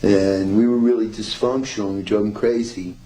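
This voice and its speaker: A band member reflecting thoughtfully in a documentary interview. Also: male voice, fairly low pitch, steady tone, fairly quick, mellow, a little hiss or hum, poor audio.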